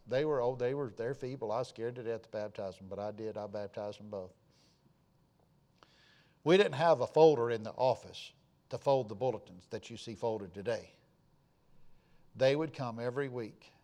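A man, a pastor preaching a sermon and telling stories, going from hushed asides to loud emphatic lines. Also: medium pitch. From Florida.

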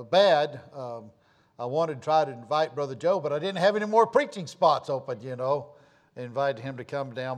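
A man pastor telling folksy stories and announcements in church, rambling with many fillers and restarts. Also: mid-range voice. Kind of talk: informal sermon announcements and storytelling.

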